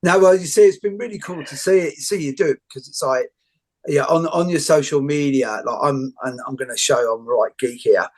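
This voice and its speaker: A man's voice: a little high, a little fast. A man interviewing a guest, telling long jokey stories in a casual chat. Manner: rambling storyteller, jokey asides.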